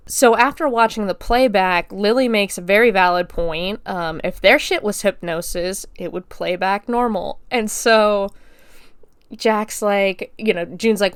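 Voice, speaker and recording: A woman's voice: medium pitch, a little slow, clear, resonant tone, no room sound. A woman hosting a podcast, casually recapping a movie scene by scene, chatty and swearing freely as she acts out the quotes. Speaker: podcast host.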